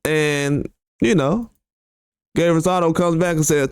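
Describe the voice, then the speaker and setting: Male boxing commentary host, blunt and slangy, pitch leaping in disbelief; smooth tone, dry close recording. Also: expressive, a little slow, no room sound. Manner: blunt and conversational, with slang and rhetorical questions. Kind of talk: casual reaction commentary, reading tweets aloud.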